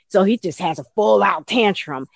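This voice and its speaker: A woman educator chats through an interview with animated, easygoing speech. She slips into high, playful voices when acting out how she talks to children. The recording is dry and close, with no room sound. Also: moderate pace, gravelly, dry recording. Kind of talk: casual interview answers.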